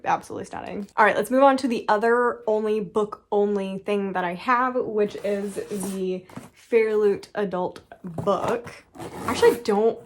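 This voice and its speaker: A woman in her thirties talks through an unboxing in a relaxed, chatty way. She gushes over what she finds and breaks into quick laughs often. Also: mid-range voice. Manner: gushing, excitable, quick laughs. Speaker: book vlogger. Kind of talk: casual unboxing chat.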